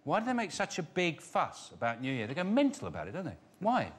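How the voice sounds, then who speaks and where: A man's voice: fairly high pitch, huge pitch swings, fast talker. A man hosting a comedy panel show, playful and quizzical with his guests. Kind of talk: hosting comic panel banter.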